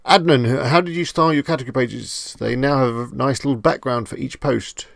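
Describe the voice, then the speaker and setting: A man's voice: medium pitch, fairly quick, vocal fry, fairly bright tone, dry recording, clean studio sound. A man hosting a casual live stream, chatting loosely as he reads out viewer comments and answers them, with jokey, self-amused asides.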